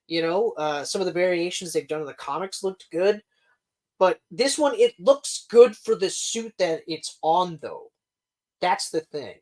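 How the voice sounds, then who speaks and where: A man's voice: high-pitched, animated, a little slow. A man in his thirties co-hosting a casual chat podcast, rambling and swearing, often laughing at his own jokes. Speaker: podcast co-host.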